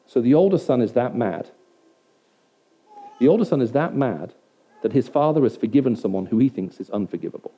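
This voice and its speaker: A man's voice: a little high, dark tone. A man preaching to a hall audience, talking conversationally and often asking them whether it makes sense. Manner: conversational, keeps checking in with the audience. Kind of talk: sermon to a live audience. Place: hall with an audience of about a hundred. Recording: dull lo-fi recording.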